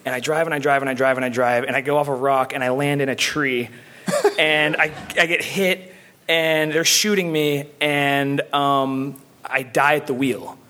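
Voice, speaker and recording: Bright-voiced man telling a rambling, sweary story. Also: medium pitch, normal speed. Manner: animated and rambling, swears freely and laughs mid-sentence. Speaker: podcast panelist telling a story to a live audience. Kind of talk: casual comedic storytelling.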